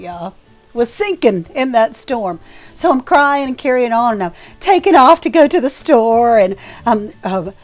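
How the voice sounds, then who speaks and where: A woman, a homestead vlogger telling viewers a story in a folksy, emotional way. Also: medium pitch. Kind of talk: casual storytelling to camera. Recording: faint music behind.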